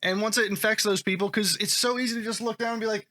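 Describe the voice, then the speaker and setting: A man's voice: sits high, steady tone, fast talker, hardly any pauses, sharp tone. A man reading online comments aloud and reacting to them in a sarcastic, profane, offhand way. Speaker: commentary vlogger.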